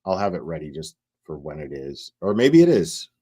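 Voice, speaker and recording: A man hosting a live commentary stream, talking in a halting way with many fillers and restarts as he reads viewer messages. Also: very deep voice, sing-song, dark tone, slightly rough. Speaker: livestream host.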